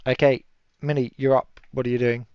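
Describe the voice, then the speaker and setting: A man running a tabletop game as game master, relaxed and chatty, laughing often and yelling enemies' cries in high voices. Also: brisk, clean tone, dry recording. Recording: dull lo-fi stream audio, dry.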